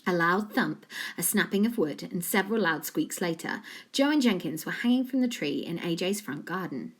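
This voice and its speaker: A woman reading a children's book aloud, in a lively, animated way. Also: fairly low pitch, moderate pace. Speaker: storyteller.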